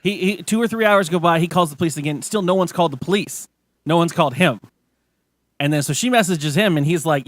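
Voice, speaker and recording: A man's voice: a little high, brisk, no room sound. A man hosting a casual chat show, rambling and swearing as he retells a story. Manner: profane, rambling, lots of restarts. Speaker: podcast host.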